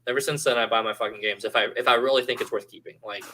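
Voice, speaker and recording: A man's voice: medium pitch, steady tone, racing, sharp tone, a little hiss or hum, low-quality recording. A man co-hosting a live-streamed podcast in casual, rambling chat, joking and swearing freely. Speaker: podcast co-host.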